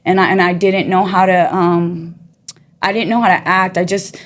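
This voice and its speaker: A woman's voice: lowish voice, level tone, normal speed. A woman guest telling her life story in casual, streetwise speech, acting out the people in it. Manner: chatty and streetwise, often says "you know" and "girl". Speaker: guest sharing her testimony.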